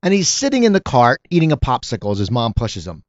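A man hosting a casual chat, rambling and animated, often restarting his sentences. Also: medium pitch, quick pace, no room sound, dull audio. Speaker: podcast host.

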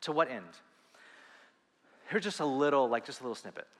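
Earnest, bright-voiced man preaching. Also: medium pitch, in a large hall. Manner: animated, earnest, with quick asides and restarts. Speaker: pastor. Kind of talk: sermon.

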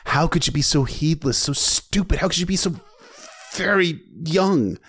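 A man's voice: a little high, normal speed, fairly bright tone, husky, voice pushed up. A man voicing a noble mother who speaks in a raised, pleading, exasperated way.

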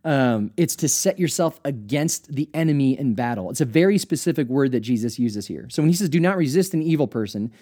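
A man's voice: medium pitch, expressive, a little fast, hardly any pauses, dark tone, husky. A man who studied at seminary, explaining scripture in an earnest teaching talk and asking rhetorical questions as he goes. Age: adult, studied at seminary.

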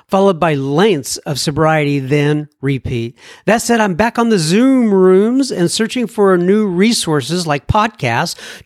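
A man's voice: sits high, no echo, clean studio sound. A man hosting a podcast, reading listener emails aloud and chatting between them with self-deprecating jokes. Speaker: podcast host.

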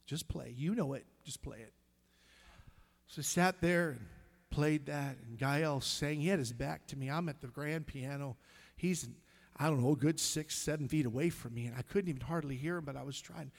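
A middle-aged male pastor telling a story in a sermon, emotional and halting, with sighs and passages that drop almost to a whisper. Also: on the high side, creaky. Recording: long hall reverb.

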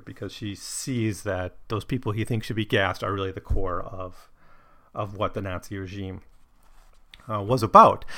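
A man's voice: fairly low pitch, a bit bright. A man hosting a chapter-by-chapter book commentary, talking it through loosely, with frequent restarts and fillers. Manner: loose, conversational, with frequent restarts and "you know". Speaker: podcast host discussing a novel.

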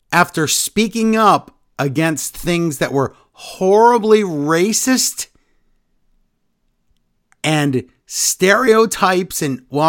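A man co-hosting a podcast in easy, casual chat, his voice sitting fairly high and swinging widely in pitch. He rattles off news in quick, animated bursts. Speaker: podcast co-host.

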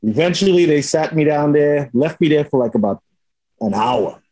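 A man in casual chat, telling a story in an animated way and acting out the lines of the people in it. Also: on the high side, normal speed, no echo, low-quality recording. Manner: animated storytelling, acts out quotes with swearing.

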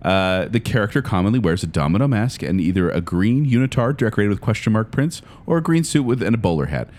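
A man's voice: fairly low pitch, fast. A young man co-hosting a comedic podcast, playing along with a made-up scenario and reading out facts with energy. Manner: energetic, explains facts, plays along with the bit. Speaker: podcast co-host. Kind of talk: comedic role-play chat.

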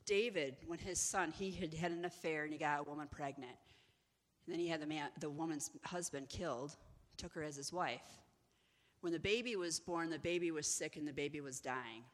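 A woman giving an inspirational teaching talk, animated and acting out the people in her stories. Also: sits low, normal speed, in a large hall. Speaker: ministry executive director.

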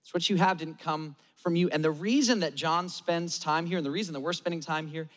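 A man's voice: a little high, fairly quick, fairly bright tone, in a large hall. A male pastor preaching a sermon in a conversational, emphatic style, with lots of repetition.

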